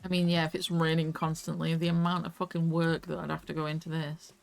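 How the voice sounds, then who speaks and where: Gravelly-voiced woman streaming a game. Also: deep voice, level tone, fairly quick, soft background music. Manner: chatty, swears casually, laughs often. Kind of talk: live gameplay commentary.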